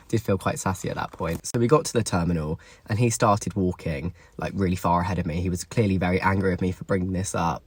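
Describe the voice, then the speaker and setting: A young man tells a painful personal story straight to camera, emotional and full of swearing. His voice is somewhat husky and sits a little low. The recording is close and dry. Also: steady tone, fast, darkish tone, no echo. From England.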